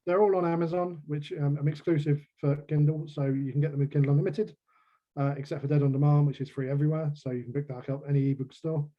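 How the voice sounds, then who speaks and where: Fast-talking novelist on a dull call line. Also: male voice, a little high, flat delivery. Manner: chatty, self-deprecating, laughs at his own jokes. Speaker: crime novelist guest. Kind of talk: casual video-call chat.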